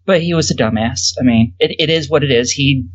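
A woman's voice: a bass voice, a little fast, slightly rough, no echo, muffled recording. A woman co-hosting a casual podcast, blunt and sardonic, swearing freely. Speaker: podcast co-host. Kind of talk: casual chat.

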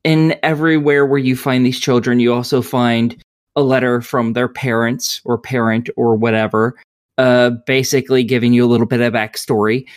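A woman's voice: extremely low pitch, level tone, moderate pace, darkish tone. A woman co-hosting a podcast, reviewing a video game in casual chat with a rambling, profane, sardonic way of talking.

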